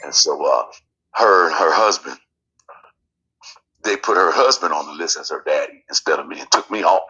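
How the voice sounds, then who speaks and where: A man telling a personal family story as a guest, lively and acting out the quotes. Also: rumbling low, normal speed, slightly rough, lo-fi sound.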